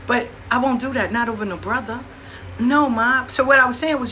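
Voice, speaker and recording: A woman's voice: a little high, brisk, slight background noise. A woman, talking in a blunt, profane, storytelling monologue and acting out what people said. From New York. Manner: blunt, profane, animated with acted-out quotes. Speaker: host.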